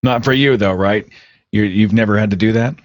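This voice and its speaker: A man's voice: fairly low pitch, fairly quick, dry recording. A man hosting a podcast, chatty and playful in a casual interview. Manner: chatty, playful, self-deprecating. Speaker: podcast host.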